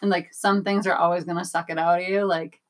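A young woman co-hosting a podcast, chatty and playful and quick to laugh. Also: lowish voice, flat delivery. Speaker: podcast co-host. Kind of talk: casual chat.

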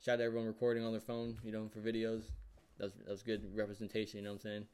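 A man vlogging a casual, rambling recap of a show, full of fillers and excited reactions. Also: fairly low pitch, rapid-fire, clear, resonant tone. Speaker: YouTuber.

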